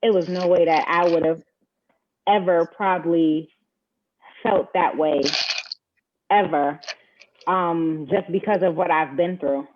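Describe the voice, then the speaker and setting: A woman's voice: fairly low pitch, fairly even intonation, takes it slowly, pauses often. Woman panel guest, earnest and personal; tinny phone-line quality. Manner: earnest, reflective, openly personal. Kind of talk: candid personal discussion.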